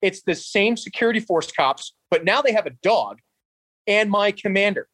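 A man's voice: sits high, animated, moderate pace, fairly bright tone, no echo. A man in his thirties from New Jersey, a podcast guest telling a story in a casual, sarcastic, profane way. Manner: sarcastic, profane, acts out dialogue.

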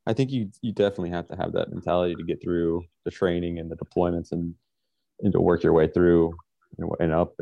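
A man's voice: low-pitched, level tone, fast talker, gravelly, mellow, dry recording, highs cut off. A man, a military veteran guest on an interview, speaking matter-of-factly. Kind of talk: casual podcast interview.

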